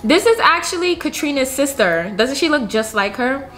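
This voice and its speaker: A woman's voice: high-pitched, expressive, normal speed, a bit bright, soft background music. A woman casually commenting on her life-sim game in a chatty, slangy, giggly way. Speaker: gaming youtuber. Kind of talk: casual let's-play commentary.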